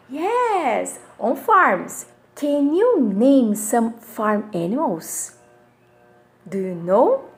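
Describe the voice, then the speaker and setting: A woman teaching English to kindergarten children in an online class, speaking in an exaggerated, sing-song way and asking them many questions. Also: high voice.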